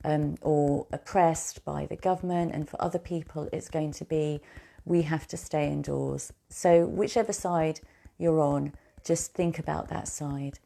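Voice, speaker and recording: A woman coaching a guided tapping session, speaking slow, repetitive affirmations for the listener to repeat back. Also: deep voice, gravelly, dark tone. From United Kingdom.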